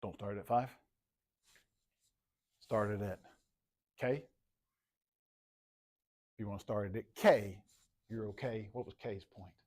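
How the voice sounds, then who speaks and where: A man's voice: mid-range voice, darkish tone. Guy teaching math class, joking around, says stuff twice, medium voice. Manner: casual, joking, repeats phrases.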